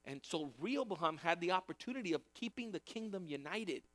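Male pastor, slightly higher voice, casual sermon delivery with emphatic repeats. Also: animated, fairly quick, fairly bright tone. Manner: conversational preaching with emphatic repetition.

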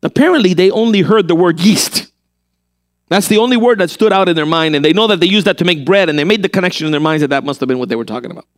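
A man preaching a sermon as a pastor, animated and full of rhetorical questions. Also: high-pitched, fast talker.

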